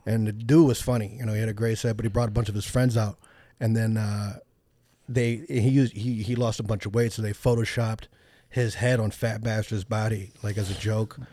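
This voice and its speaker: Profane storytelling comedian, dry sound. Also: male voice, fairly low pitch, normal speed, no room sound. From Washington, D.C. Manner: profane, animated, acts out people in the story with a raised voice. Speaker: comedian guest. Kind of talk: casual podcast storytelling.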